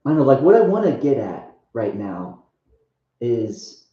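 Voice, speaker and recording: A young man sharing a rambling personal testimony, halting and full of restarts and filler words. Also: medium pitch, very animated. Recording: very echoey, muffled lo-fi room.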